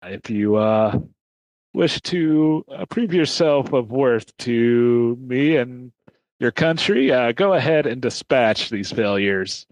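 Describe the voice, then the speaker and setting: A man voicing a scheming male villain speaking over an intercom, smooth at first and turning shrill. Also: animated, slow pace, no room sound, poor audio. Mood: coaxing. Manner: coaxing, then shrill and shouting.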